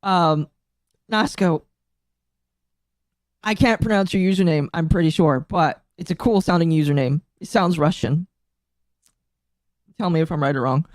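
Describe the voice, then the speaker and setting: A woman's voice: fairly low pitch, normal speed, long pauses, darkish tone, no room sound. A woman streams from home and chats loosely to her viewers, giggling as she rambles. Her throat keeps catching with coughs. The sound is close and dry. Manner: giggly, rambling, talks to chat. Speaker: streamer reacting to a video. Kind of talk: casual live-stream chat.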